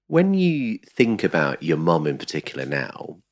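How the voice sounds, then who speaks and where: Deep gravelly man hosting an interview. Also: wildly swooping pitch, normal speed. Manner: curious, prompting questions, laughs along. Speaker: podcast host. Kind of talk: interviewer conversation.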